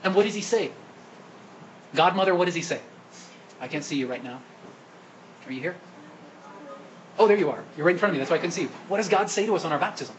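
A man's voice: a little high, lively intonation, fast, long pauses, slight background noise, rough recording. A man preaching a sermon at Mass as the priest, asking the congregation questions and coaxing them to answer. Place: church during Mass.

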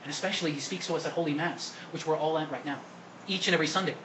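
A man's voice: fairly high pitch, rapid-fire, background noise. Priest asking his congregation questions. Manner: asks the congregation questions and coaxes answers. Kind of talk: sermon at Mass. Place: church during Mass.

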